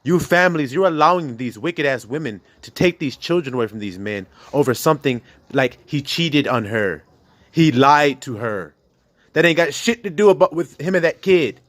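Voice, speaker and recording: A man's voice: on the high side, animated, normal speed, a bit bright, no echo. A man preaching with passion, bluntly and profanely, firing rhetorical questions at his listeners. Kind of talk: preaching to a congregation.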